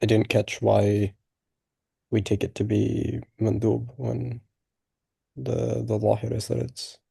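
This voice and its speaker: Husky, gravelly man asking politely. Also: fairly low pitch, monotone, takes it slowly, mellow, no echo. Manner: polite, hesitant questioning. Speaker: student. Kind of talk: classroom question.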